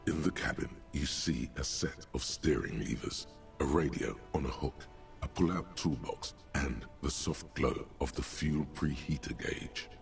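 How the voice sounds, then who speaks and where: Super deep gravelly inner voice, dry wry narration, music playing behind. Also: male voice, measured pace, few pauses, heavily acted. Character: ominous inner voice of a male detective. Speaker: game narrator. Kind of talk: scripted narration. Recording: game audio over music.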